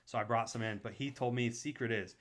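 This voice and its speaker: A man's voice: medium pitch, quick pace. A young man, a podcast co-host, telling a funny childhood story in casual chat and acting out the quotes. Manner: animated storyteller, acts out quotes. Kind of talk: casual storytelling among friends.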